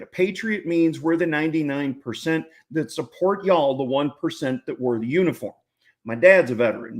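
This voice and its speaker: A man, a ranch founder telling a story as an interview guest in a folksy, jokey way. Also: mid-range voice. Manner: folksy, jokey, laughs often.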